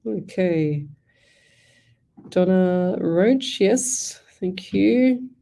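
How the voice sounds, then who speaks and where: A middle-aged woman hosts live psychic readings on the radio. Her voice sits low and mellow. She talks in a chatty, rambling flow, restarting phrases as she thinks aloud. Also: expressive, drawn-out words, gravelly. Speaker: radio host and psychic medium.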